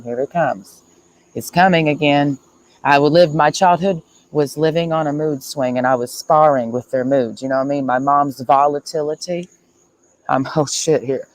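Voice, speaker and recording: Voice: mid-range voice, vocal fry, a little hiss or hum, rough recording. A streamer talking in a casual livestream monologue, earnest and repetitive, speaking emphatically and confessionally.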